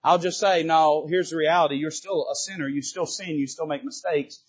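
A Baptist preacher with a high, husky voice delivers a sermon from the pulpit, swinging between loud, emphatic bursts and quiet asides while tossing quips to the congregation. He speaks at normal speed with fairly even intonation, and the church recording sounds dull and lo-fi.

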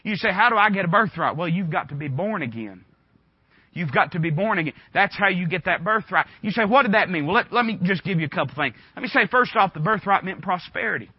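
A man's voice: sits high, lively intonation, a little fast, breathy edge, no room sound. A man preaching a sermon in a folksy, conversational way, full of rhetorical questions. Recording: dull dry recording.

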